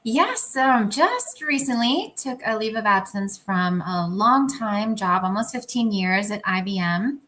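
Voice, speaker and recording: A woman co-hosting a spiritual Q&A, speaking in a measured, slightly hesitant way as she reads out viewers' questions. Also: mid-range voice, expressive, fairly bright tone, rough recording. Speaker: co-host. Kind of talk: casual talk, reading out questions.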